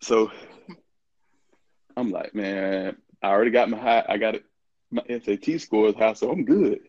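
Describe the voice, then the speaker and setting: As an interview guest, a middle-aged former college football player shares casual stories, performing quoted dialogue and laughing often. His voice is lowish and a little mellow at a moderate pace. The recording is dry and lo-fi.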